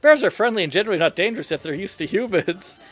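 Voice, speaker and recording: High-voiced man reading game dialogue. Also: expressive, fast talker, a bit bright. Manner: playful, reads every character's lines in his own voice. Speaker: gamer reading dialogue aloud. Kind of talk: casual game playthrough commentary.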